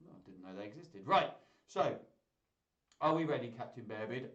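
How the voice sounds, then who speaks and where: A man's voice: mid-range voice, big pitch swings, a little fast, fairly bright tone, echoey room, lo-fi sound. A man hosting a children's singalong livestream, chatty and playful. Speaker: children's entertainer. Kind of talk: live-streamed kids' singalong chat.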